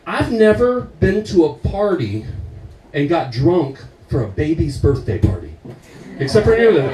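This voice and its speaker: A man doing stand-up, telling stories in a profane, animated way. His voice runs a little high with lively swings in pitch, and his tone is mellow. The sound echoes around a roomy club. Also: measured pace, far from the mic, background noise. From United States. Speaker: comedian. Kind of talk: stand-up comedy.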